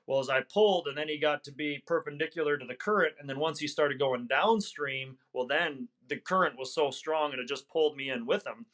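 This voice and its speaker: Bright-voiced man telling a story earnestly. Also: a little high, a little fast, hardly any pauses. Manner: earnest, reflective, restarts and fillers. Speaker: hunting guide, podcast guest. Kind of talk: conversational storytelling.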